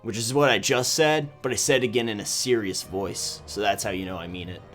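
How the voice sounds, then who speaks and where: A man's voice: on the low side, fairly quick, a bit bright, faint music behind. A man hosting a gaming channel, commenting casually on cards in a rambling, sarcastic way and laughing often. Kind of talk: casual video game commentary.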